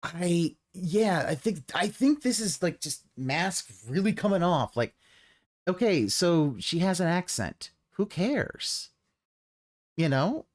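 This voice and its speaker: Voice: medium pitch, lively intonation, moderate pace. A live streamer giving casual reaction commentary, sarcastic and swearing freely, often trailing off and restarting mid-sentence.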